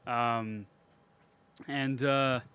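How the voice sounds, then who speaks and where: Bright-voiced, profane joking man. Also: medium pitch, extremely slow, smooth. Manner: profane, joking, animated retelling. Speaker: podcast co-host. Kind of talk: casual chat.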